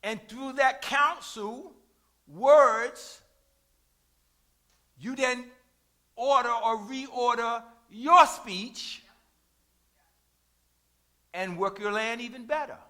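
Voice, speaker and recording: A man preaching a sermon in call-and-response style, repeating lines for emphasis and rising to shouts at key points. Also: very high-pitched, very slow, pauses often.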